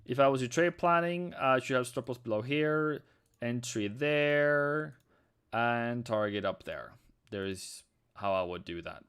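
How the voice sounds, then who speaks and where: On a casual trading livestream, a man whose first language is Norwegian responds to viewers. His voice is on the low side, clean and a little bright. He keeps it chatty, reading the chat aloud and occasionally singing snippets.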